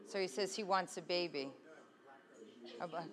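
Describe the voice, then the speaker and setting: A woman's voice: fairly low pitch, normal speed, crowd noise. Woman presenter chatting through video clips. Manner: conversational, checks in with frequent "right?". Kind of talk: explaining video clips to an audience. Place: presentation room with an audience.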